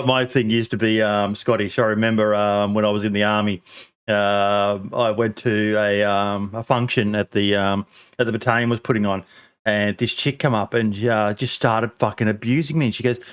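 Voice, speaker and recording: A man's voice: lowish voice, level tone, normal speed, a bit bright, clean tone. A man hosting a casual podcast, bantering and swearing freely with his guests. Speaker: podcast host.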